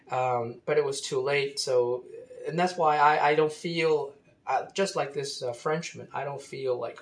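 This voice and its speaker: A man's voice: a little high, steady tone, unhurried. Hesitant man telling a story. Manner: hesitant, many fillers and restarts. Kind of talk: casual storytelling monologue.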